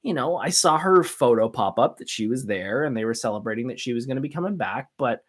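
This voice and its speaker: A man's voice: medium pitch, animated, quick pace. A man hosting a solo podcast, chatting casually and giving his opinions in a rambling way, with many fillers and restarts. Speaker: podcast host.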